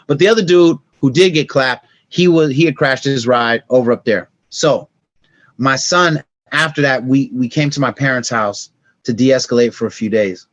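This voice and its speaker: This middle-aged podcast guest tells stories conversationally in a mid-range voice at a moderate pace, dramatizing scenes with sound effects and softening into reflection on emotional points. The recording has no room sound.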